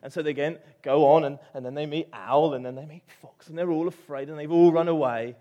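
A man's voice: a little high, steady tone, fast talker, warm tone, highs cut off. A man with an English accent preaching a sermon, telling a story with animation and rising to emphatic peaks.

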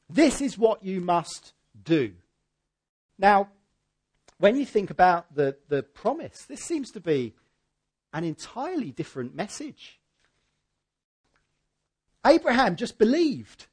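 A man preaching a sermon in a conversational, emphatic way, with a husky voice. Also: high-pitched, a little mellow.

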